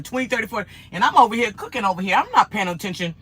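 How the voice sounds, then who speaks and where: A woman chats through a casual vlog. Her voice sounds bright and forward, her pitch sits in the middle, and she tells stories in an animated, lively way. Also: very fast, breathy edge. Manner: animated, laughs often, acts out quotes. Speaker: vlogger. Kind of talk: casual chatty storytelling.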